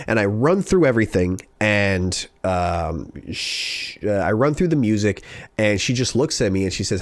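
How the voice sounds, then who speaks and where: A young man from California, hosting a podcast and telling a personal story in a casual, animated way, repeating phrases for emphasis. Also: on the low side, a little fast, dry recording. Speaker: podcast host.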